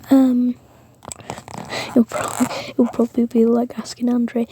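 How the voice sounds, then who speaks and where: A woman's voice: fairly high pitch, little pitch movement, a little slow, long pauses, mellow, slight background noise. A woman whispering a rambling fan-fiction story, with many fillers and self-corrections. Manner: mostly whispered.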